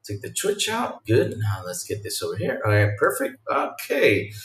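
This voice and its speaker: A man hosting a casual live-stream podcast, talking excitedly and loosely to his chat with lots of fillers. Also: medium pitch, moderate pace, echoey room.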